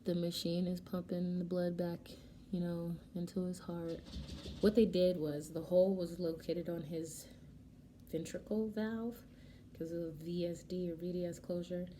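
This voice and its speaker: A young adult woman vlogger casually telling a personal story while doing her makeup, animated and emotional, acting out what people said. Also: lowish voice, a little slow, a little hiss or hum. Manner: emotional, animated retelling with quoted dialogue. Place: home, getting ready.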